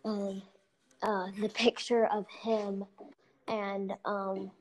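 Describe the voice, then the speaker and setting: Extremely slow and flat, a woman with a medium-pitched, darkish voice casually recaps a film's story. Her rambling account is packed with fillers like "like" and "blah blah," with a little hiss or hum in the background.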